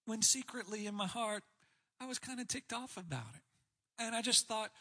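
Bright, breathy-voiced male preacher. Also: sits high, moderate pace. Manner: candid, self-deprecating, conversational. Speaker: pastor speaking on marriage. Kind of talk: sermon.

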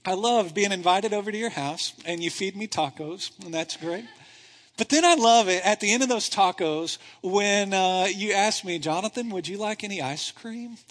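In a reverberant church sanctuary, a high-voiced pastor delivers a sermon at normal speed. His preaching is animated and conversational, full of rhetorical questions.

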